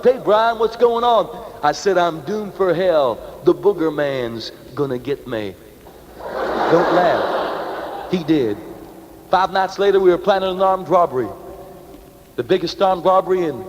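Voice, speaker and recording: A young man telling his life story as an evangelist's testimony, vivid and dramatic, full of slang. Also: high-pitched. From Canada. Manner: vivid, slangy street talk, acting out the dialogue. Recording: reverberant hall on an old vinyl record.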